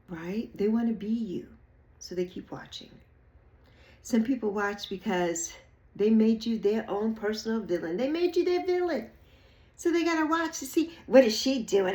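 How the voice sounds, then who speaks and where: An older woman in her sixties speaks to her online audience in an emphatic, repetitive way. Her voice sits at a middle pitch, and she often leaps higher when she mocks people in a playful put-on voice. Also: a little mellow. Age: 60s. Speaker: YouTube creator. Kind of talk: reflective monologue to camera.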